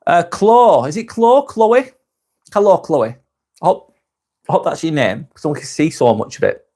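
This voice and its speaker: A British man hosting a live stream, chatting with viewers in a calm, relaxed, easygoing way. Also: on the high side, moderate pace. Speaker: live-stream host reading viewer comments. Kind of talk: casual live-stream chat.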